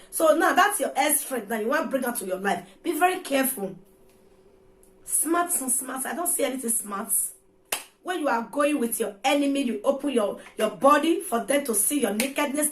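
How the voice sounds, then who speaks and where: A woman's voice: on the high side, slight background noise. A woman with a Nigerian accent scolding her viewers in a vlog rant, repeating herself and slipping Pidgin and Yoruba into her English. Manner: scolding, preachy and repetitive. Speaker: vlogger. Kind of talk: ranting vlog monologue.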